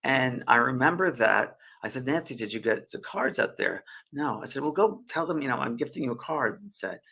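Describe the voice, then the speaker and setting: Middle-aged guy hosting a spiritual live stream, gravelly and kinda husky, chatty, gets teary. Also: mid-range voice, lively intonation, normal speed, bright, forceful tone, poor audio. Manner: chatty storyteller, gets emotional and tearful. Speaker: spiritual medium and show host. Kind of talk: casual live-stream talk.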